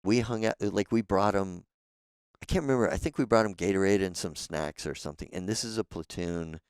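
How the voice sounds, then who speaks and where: A man with a low, gravelly voice that stays smooth and resonant, spinning casual, salty stories as a podcast guest. He sounds relaxed and laughs easily. The sound is dry and close on a studio mic. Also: a little fast, dry recording. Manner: relaxed, profane, laughs often. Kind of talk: casual storytelling.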